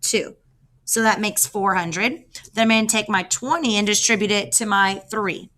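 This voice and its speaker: A woman teacher talks through a math problem one step at a time and counts aloud as she goes. Her voice is bright and clear, and her tone stays patient and explanatory. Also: mid-range voice, normal speed. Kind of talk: math lesson walkthrough.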